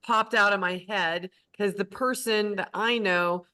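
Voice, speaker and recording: A woman hosting an interview, reacting with quick excitement. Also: medium pitch. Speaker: host. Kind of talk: casual interview chat.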